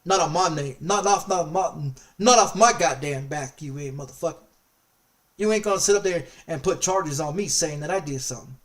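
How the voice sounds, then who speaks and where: A man with a notably high voice tells a story on a casual stream, angry and swearing constantly. He circles back and repeats his phrases again and again. The mic sits a little away from him. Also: normal speed, distant mic. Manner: angry, profane, heavily repetitive.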